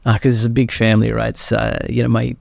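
A man, hosting a podcast and telling a family story in a chatty, animated way. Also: mid-range voice, fairly quick, creaky, no echo, studio quality. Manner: chatty, animated, swears casually. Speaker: podcast host. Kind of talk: casual conversational storytelling.

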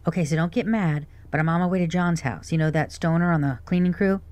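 A man's voice: a little high, quick pace, slight background noise, pitched above the performer's own voice, natural voice. A man putting on a prickly, indignant young woman. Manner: indignant, sharp. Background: music.

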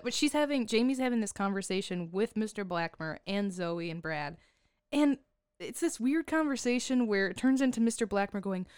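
A woman's voice: mid-range voice, animated, moderate pace, darkish tone, clean tone, no room sound, clean studio sound. A woman co-hosting a podcast, casually recapping a movie and laughing often. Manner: giggly, chatty, laughs often. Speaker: podcast co-host.

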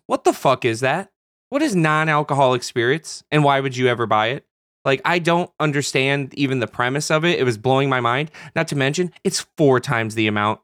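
Profane, animated young man podcasting. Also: medium pitch, dry recording, studio quality. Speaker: podcast co-host. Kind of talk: casual chat.

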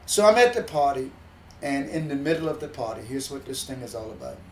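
A man from the backwoods telling a folksy story in an animated, plainspoken way, often restarting mid-sentence. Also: medium pitch, brisk, echoey room, distant mic, slight background noise, low-quality recording. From backwoods countryside.

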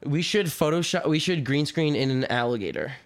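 A man's voice: on the high side, lively intonation, a little fast, clear, resonant tone. Rambling crude podcast co-host, man. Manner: rambling, crude, swears constantly. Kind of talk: casual comedy banter.

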